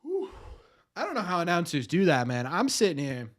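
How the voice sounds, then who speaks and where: A man's voice: on the high side, huge pitch swings, moderate pace. A young man streaming a baseball watch party, switching between a mock announcer voice and chatty asides to his viewers. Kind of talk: casual livestream commentary.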